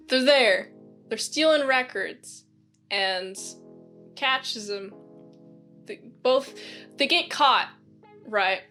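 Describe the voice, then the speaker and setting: A woman with a fairly high voice gives a casual spoken movie review, rambling with lots of fillers and acting out lively quotes.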